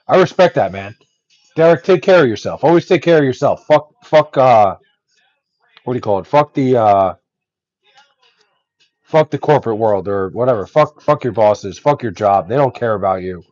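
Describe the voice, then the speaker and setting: A man's voice: mid-range voice, a little mellow, no echo, dull audio. A young man chatting casually on a livestream, reading chat aloud, loose and profane with lots of ums.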